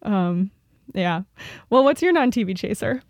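A woman's voice: mid-range voice, animated, unhurried, a little mellow, no echo, clean studio sound. A woman co-hosting a podcast, chatting in an enthusiastic, gushing way. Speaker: podcast co-host. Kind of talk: casual chat.

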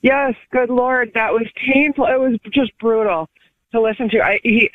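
A woman's voice: a little high, steady tone, moderate pace, no room sound. Gushing woman caller on a tinny phone line. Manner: gushing, exasperated. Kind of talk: phone call to radio show.

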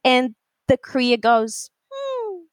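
A woman telling a story in a casual interview, animated and full of fillers, acting out other people's voices. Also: on the high side, a little slow, no echo. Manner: animated, acts out voices in quotes, many fillers. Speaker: alpaca breeder, guest.

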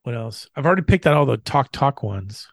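A man's voice: medium pitch, animated, brisk, creaky, no echo, clean studio sound. A man co-hosting a podcast in casual chat, often stumbling and repeating words as he thinks. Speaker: podcast co-host.

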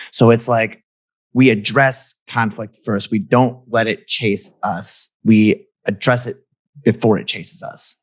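A man's voice: on the low side, fairly even intonation, a little slow, breathy edge. A man talking as a guest in an earnest, reflective conversation, restarting phrases as he thinks aloud.

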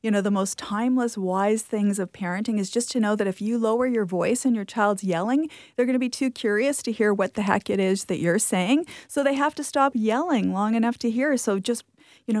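Calm woman giving parenting advice, dry. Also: mid-range voice, moderate pace, no echo. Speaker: guest parenting author. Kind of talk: interview talk.

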